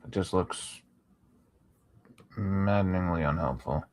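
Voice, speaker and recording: A man chatting casually with his viewers while he draws late at night, sleepy and yawning, swearing freely, talking to chat between long pauses. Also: deep voice, a little mellow, no room sound. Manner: laid-back, swears a lot, talks to chat between pauses. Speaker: art streamer.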